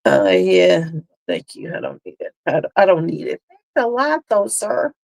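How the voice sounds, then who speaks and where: A woman's voice: lowish voice, lively intonation, moderate pace, creaky, a little mellow. A woman hosting a casual livestream, talking bluntly with some cursing and answering viewers' comments as they come in. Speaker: beauty channel host.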